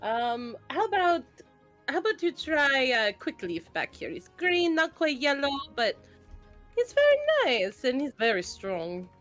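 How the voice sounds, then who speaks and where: A woman's voice: high-pitched, wildly swooping pitch, unhurried, fairly bright tone, faint music behind, pitched above the performer's own voice, exaggerated voice. A woman voicing a chatty adventurer during a tabletop game, coaxing and full of fillers. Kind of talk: tabletop role-play.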